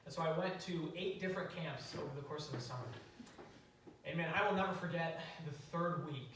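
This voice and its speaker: In a church sanctuary, a young man delivers a sermon at a brisk pace, his voice high-leaning and a bit bright. His storytelling is casual, with fillers and restarts, and the distant mic picks up heavy hall echo plus slight background noise.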